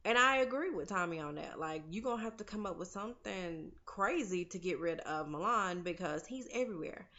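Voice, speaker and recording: A woman's voice: mid-range voice, sharp tone, highs cut off. A woman casually recapping a TV episode, opinionated and chatty, talking straight to her viewers as "y'all" and "honey". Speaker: TV recap vlogger.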